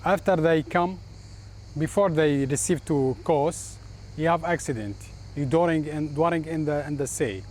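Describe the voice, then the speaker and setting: Man, fairly high voice, halting broken English, faint background hiss. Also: darkish tone. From Iraq. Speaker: interviewee, former army officer.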